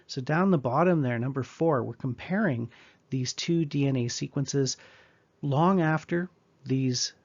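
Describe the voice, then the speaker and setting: A man's voice: medium pitch, a little slow, muffled recording. A man teaching biology in a conversational, explanatory lecture with casual asides. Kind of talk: recorded lecture.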